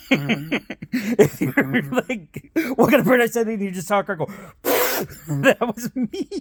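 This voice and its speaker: A man's voice: sits high, slow pace, husky, no echo, studio quality. A man telling a rambling family story in a casual way, laughing often as he talks. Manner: lively and animated.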